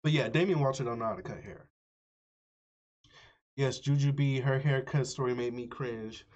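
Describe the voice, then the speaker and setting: A man streaming live, chatting casually with his viewers, animated and swearing freely as he reacts to a video. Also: mid-range voice, normal speed. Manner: animated, swearing, talks to chat. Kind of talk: casual chat. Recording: dull lo-fi stream audio.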